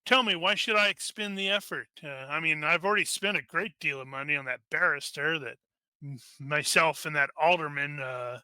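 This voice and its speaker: A man voicing an old male wizard who speaks formally and cryptically, with measured grandeur. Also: a little high, bright, forceful tone, clear, resonant tone, dry recording. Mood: cryptic.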